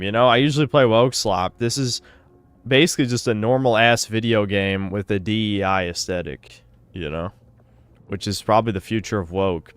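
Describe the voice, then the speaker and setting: A man's voice: low voice, clear, resonant tone, no echo. A male streamer reading out donations and riffing in a sardonic, profane way during a live stream.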